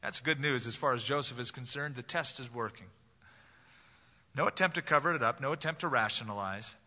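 Bright-voiced preacher in a reverberant hall. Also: male voice, medium pitch, fairly quick. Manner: animated storytelling with asides. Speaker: pastor. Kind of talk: expository sermon. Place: church sanctuary.

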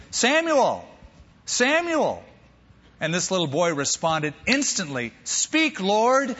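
A man preaching a sermon as pastor, lively and animated, acting out quoted voices. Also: fairly high pitch, long reverb tail, muffled recording.

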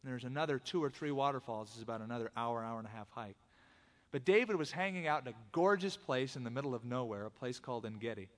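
A man preaching a sermon, telling the story in an animated, conversational way. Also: mid-range voice, fast. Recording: long hall reverb.

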